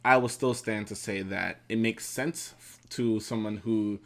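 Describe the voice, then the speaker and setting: A man's voice: lowish voice, fairly even intonation, unhurried, fairly bright tone. A young adult man in casual vlog chat with his wife, talking in a laid-back, reflective way. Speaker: vlogger and husband.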